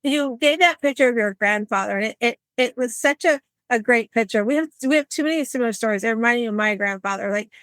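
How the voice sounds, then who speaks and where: A woman in her sixties hosting a podcast, telling stories in an animated, conversational way and acting out the people she quotes. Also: a little high, fast, few pauses, no echo. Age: 60s. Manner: animated, acts out quoted voices. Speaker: podcast host. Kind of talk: conversational storytelling.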